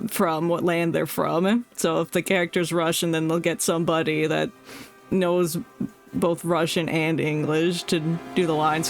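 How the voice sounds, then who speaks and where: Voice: medium pitch, vocal fry. A streamer with a Northeastern American accent, raised partly in the South, chatting casually and laughing often while reading game text aloud. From United States, South and Northeast. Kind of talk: casual let's-play chat.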